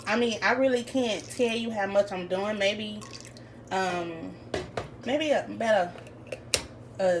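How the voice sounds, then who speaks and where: A woman's voice: medium pitch, gravelly. Chatty woman cooking at home. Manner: chatty, addresses viewers as y'all and you guys. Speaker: cooking vlogger. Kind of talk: casual cooking tutorial. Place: home kitchen. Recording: slightly distant camera mic, faint room noise.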